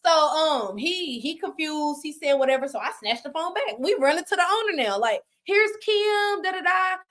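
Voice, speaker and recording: High-voiced woman telling a lively story. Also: moderate pace. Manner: animated, acts out quoted voices. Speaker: guest storyteller. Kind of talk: casual storytelling on a live show. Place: home office.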